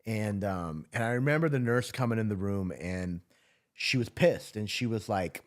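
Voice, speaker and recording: Guy with a lowish voice, swears a lot, rambling story, keeps laughing it off. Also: normal speed. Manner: profane, rambling, many restarts. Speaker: podcast guest. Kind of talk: casual storytelling interview.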